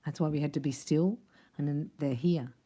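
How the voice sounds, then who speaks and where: A woman's voice: deep voice, normal speed, dark tone. A woman doing a casual tarot reading, chatty and rambling, with frequent laughs between her thoughts. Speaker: tarot reader.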